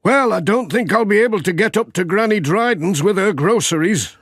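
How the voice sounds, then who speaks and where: A man's voice: high-pitched, lively intonation, a little fast, fairly bright tone, dry recording, studio quality, pitched above the performer's own voice, heavily acted. A man reading aloud and voicing a friendly grocer who runs a mobile shop.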